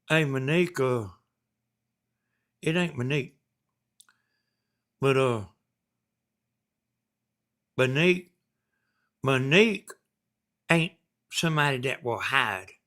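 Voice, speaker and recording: A man's voice: medium pitch, measured pace, long pauses, a bit bright. A man with a Southern US accent hosting a casual live stream, reading viewer messages and rambling in a folksy way.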